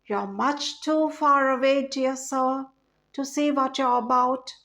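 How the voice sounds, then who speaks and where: Woman doing a smug storybook crocodile, coaxing, pitched up, unhurried. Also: fairly even intonation, fairly bright tone, exaggerated voice. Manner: coaxing, confident and slow. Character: sly grinning male crocodile, big and bossy.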